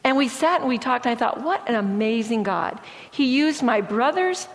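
A woman giving a sermon-style testimony, telling stories in a lively way and acting out what people said. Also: a little high, normal speed. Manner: lively storytelling, acting out quoted speech. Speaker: speaker sharing testimony. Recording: long hall reverb.

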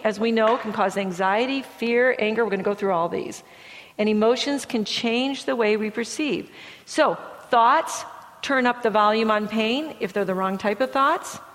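A woman's voice: a little high, a bit bright, long reverb tail. A middle-aged woman giving a slide lecture on chronic pain from a Christian view, talking in a conversational, emphatic way and acting out inner thoughts.

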